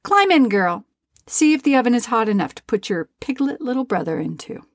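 A woman's voice: on the high side, very animated, brisk. A woman voicing a cruel, bossy old witch who threatens and commands. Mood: commanding.

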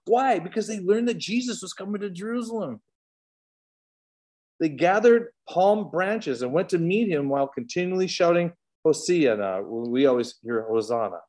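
A man's voice: sits high, darkish tone. A man with a Canadian accent teaching a casual Bible study, talking conversationally with rhetorical questions and tangents.

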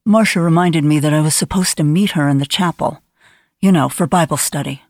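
A blunt, down-to-earth young woman with a low, muffled delivery, voiced by a woman reading an audiobook. The voice sits well below the narration. The sound is dry and close. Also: fairly quick, darkish tone, no echo.

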